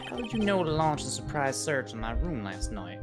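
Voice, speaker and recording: A woman voicing a big, calm male acrobat in a wheelchair, reading game dialogue in a measured, courteous, resigned way. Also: a bass voice, voice pushed down. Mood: composed. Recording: game music playing behind.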